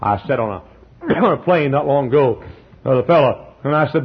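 Husky preacher man in full cry. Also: medium pitch, lively intonation, normal speed, highs cut off. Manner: swings from hushed to shouting, clears throat often. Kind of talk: fiery revival sermon.

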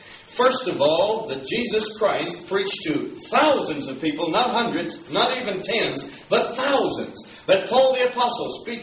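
A man's voice: sits high, fairly bright tone, reverberant, distant mic, lo-fi sound, a little hiss or hum. A man preaching a sermon, telling a story in a folksy way and building emphasis on key words. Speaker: pastor.

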